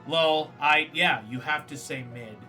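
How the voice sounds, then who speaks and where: A man's voice: a little high, measured pace, sharp tone, faint music behind. Playful man streaming a game. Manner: playful, joking, teasing a chat viewer. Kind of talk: casual live gameplay commentary.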